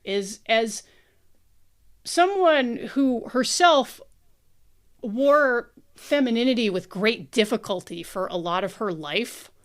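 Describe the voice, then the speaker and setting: A woman's voice: fairly high pitch, lively intonation, slow. An American woman co-hosting a podcast, chatting casually in a frank, blunt way and swearing freely. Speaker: podcast co-host. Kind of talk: casual chat.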